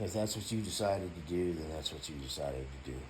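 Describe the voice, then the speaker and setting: A man ranting in a casual vlog, rambling and profane, filling every gap with "you know" and now and then breaking into loud shouting. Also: deep voice, lively intonation, brisk, background noise. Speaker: YouTuber.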